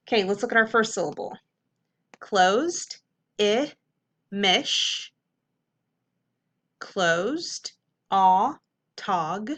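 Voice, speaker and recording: A young adult woman teacher giving an upbeat phonics lesson, clearly sounding out letters and syllables. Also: mid-range voice, fairly bright tone.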